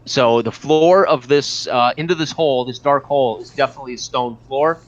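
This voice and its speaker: A man's voice: medium pitch, dull audio. A man narrating a tabletop game as game master, stumbling through restarts and fillers as he describes the scene. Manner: halting, many restarts and fillers.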